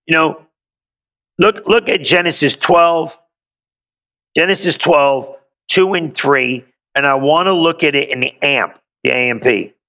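A man's voice: on the high side, a little slow, sharp tone. A male pastor preaching a sermon, reading scripture aloud and breaking in with exuberant call-and-response asides.

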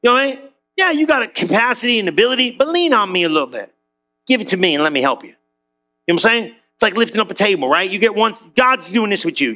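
A man preaching a sermon in a church, animated and conversational, with casual slang and questions thrown to the crowd. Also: sits high, quick pace. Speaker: pastor.

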